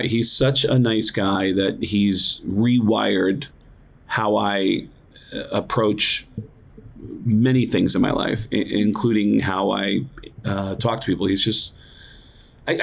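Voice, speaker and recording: A man who is a guest comedian on a podcast, talking in a relaxed, reflective way with plenty of fillers. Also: lowish voice, creaky. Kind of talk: casual interview chat.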